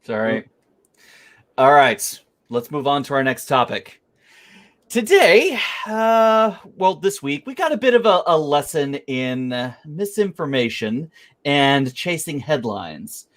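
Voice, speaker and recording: A man's voice: on the high side, very animated, takes it slowly, a bit bright. A man hosting a podcast who moves the group on to the next topic with announcer-style intros. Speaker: podcast host.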